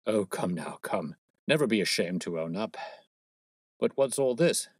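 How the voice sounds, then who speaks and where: A man voicing a stout, blustering police detective with a husky, wheezing voice and a pompous manner, read as a storybook. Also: fairly low pitch, expressive, unhurried, dry recording, clean studio sound. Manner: pompous, brash, self-satisfied. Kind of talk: storybook reading.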